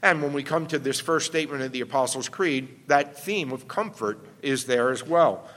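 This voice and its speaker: A man's voice: medium pitch, moderate pace, fairly bright tone. A man pastor delivering a teaching sermon, explaining step by step and often checking in with "all right?". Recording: long hall reverb.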